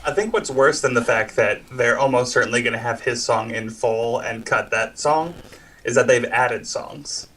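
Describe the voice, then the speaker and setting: A man's voice: mid-range voice, moderate pace, fairly bright tone, recorded from a distance. A man chatting casually with dry, teasing remarks while watching a movie together. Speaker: co-viewer on a call. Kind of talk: casual chat.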